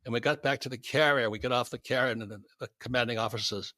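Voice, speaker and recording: A man's voice: medium pitch, rapid-fire, dry recording, studio quality. An older man, a guest, telling a story with lots of animation and laughing at himself. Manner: lively anecdote teller, laughs at his own stories.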